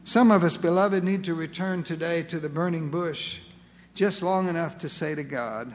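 A man's voice: fairly high pitch, moderate pace. A man preaching a sermon with earnest, dramatic, pleading delivery, leading a closing prayer. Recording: reverberant hall, faint background noise.

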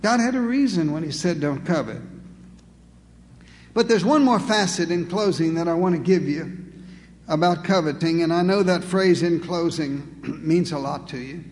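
An emphatic male pastor delivering a sermon, driving points home with rhetorical questions and dry humor. His voice sits high for a man and carries long reverb across a church hall. Faint background noise hums underneath.

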